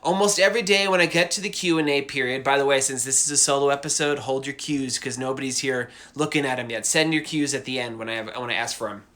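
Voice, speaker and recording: A man's voice: mid-range voice, fast talker, hardly any pauses, pushed and bright. A man casually chatting on a live drawing stream from home, rambling and enthusiastic with lots of asides. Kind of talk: casual livestream chat.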